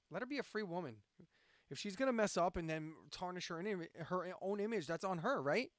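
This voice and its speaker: Man, high-pitched, dry close sound, casual ranting chat, profane and sarcastic. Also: lively intonation, brisk, no room sound. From central Pennsylvania. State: insomniac, drinking coffee late at night. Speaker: live-stream host and radio DJ.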